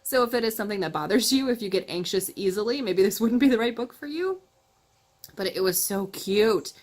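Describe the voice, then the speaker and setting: A woman's voice: mid-range voice, expressive, fairly quick. Chatty woman reviewing books. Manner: chatty, laughs often, self-correcting. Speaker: book reviewer, channel host. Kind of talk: casual book review chat.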